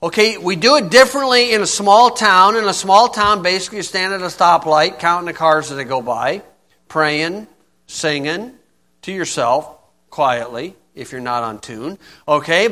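A man's voice: high-pitched, sharp tone. A man preaching an informal sermon in a folksy, blunt way, often asking "okay?".

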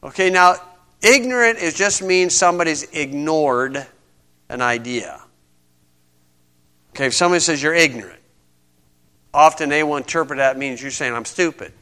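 High, bright-voiced male preacher. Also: moderate pace, long pauses, smooth. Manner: conversational preaching, asks the congregation questions. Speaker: pastor. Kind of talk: sermon.

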